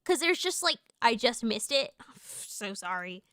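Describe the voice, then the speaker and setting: High, bright-voiced excitable woman streamer. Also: a little slow. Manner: excitable, swears freely, lots of fillers and restarts. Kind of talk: casual live-stream chat, reacting to chat.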